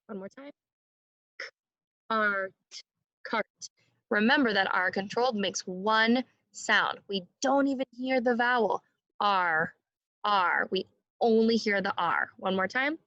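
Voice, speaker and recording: A woman's voice: mid-range voice, sharp tone, dry recording, lo-fi sound. Patient woman teaching young children. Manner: slow, clear and encouraging, models sounds for the class to repeat. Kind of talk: phonics lesson for young children.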